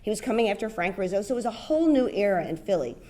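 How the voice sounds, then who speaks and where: A middle-aged woman from New Jersey giving a keynote speech, telling her stories in an animated way and acting out the dialogue. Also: medium pitch, racing. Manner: animated storyteller, acts out dialogue, laughs often. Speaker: keynote speaker.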